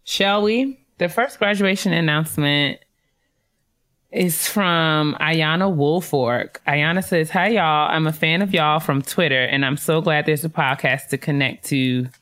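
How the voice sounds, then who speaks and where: A woman co-hosting a podcast in casual chat, chatty and quick to laugh as she gives shout-outs to listeners. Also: sits low. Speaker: podcast co-host.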